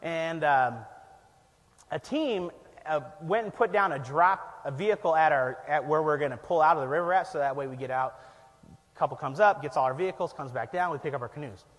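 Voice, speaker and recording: High-voiced pastor telling a funny story. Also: male voice, a little fast, big-room sound. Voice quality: animated, self-deprecating, laughs often. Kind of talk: storytelling sermon. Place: church.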